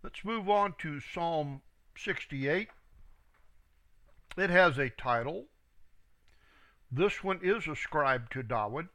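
A man teaching the Bible verse by verse, reading each phrase and then its reference number in a slow, deliberate way. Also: fairly high pitch, animated, sharp tone. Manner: slow, reads each word then its reference number, stresses quoted words.

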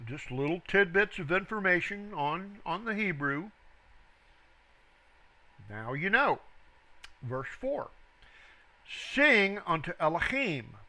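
A man teaches scripture verse by verse at an unhurried, deliberate pace. He reads each phrase, then its reference number, and leans hard on the quoted words. His voice is bright and a little higher than most. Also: sing-song. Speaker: Bible teacher.

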